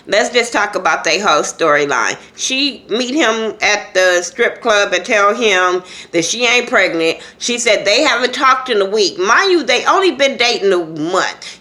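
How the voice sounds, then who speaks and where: A woman giving a blunt, profane, gossipy review of a reality show episode in casual unscripted talk. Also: medium pitch. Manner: blunt, profane, lively gossip with repeated asides. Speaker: reality TV recap vlogger.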